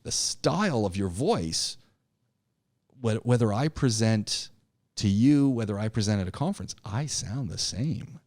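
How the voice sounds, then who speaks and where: A man teaching an online public speaking class, talking in an animated, emphatic way, often repeating himself and restarting his sentences. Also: on the low side, unhurried, dry recording, studio quality. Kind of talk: live online class lecture.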